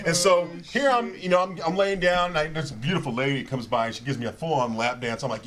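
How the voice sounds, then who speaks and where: A man telling rambling, animated comic stories on stage as a guest, stumbling over his words and laughing as he goes. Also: on the high side, quick pace, few pauses, background noise. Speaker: guest comedian. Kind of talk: live comedic storytelling.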